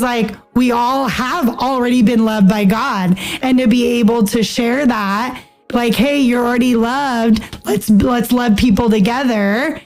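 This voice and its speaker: A woman's voice: a little high, darkish tone. A woman, a pastor, talking earnestly and casually as a podcast guest, with lots of filler words. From United States. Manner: earnest and chatty, many fillers, acts out quoted speech. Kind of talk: casual interview talk.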